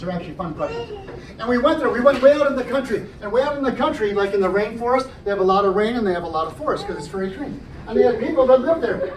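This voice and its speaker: A man entertaining a library audience as a juggler, joking and explaining each trick step by step, recorded from a camera out in the audience. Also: high voice. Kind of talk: live stage show patter. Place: library program room, indoors. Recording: roomy, distant, noisy audience recording.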